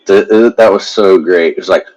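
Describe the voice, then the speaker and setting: A man's voice: low-pitched, normal speed, darkish tone, lo-fi sound. A man hosting a casual live stream, reading aloud loosely and joking as he goes. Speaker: stream host.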